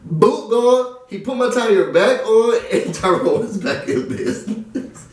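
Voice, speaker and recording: A man's voice: high-pitched, slow pace. A young man from New York telling a story casually and animatedly, acting out the other people's lines. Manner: animated, acts out the voices in his story. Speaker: vlogger. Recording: roomy, mic at a distance.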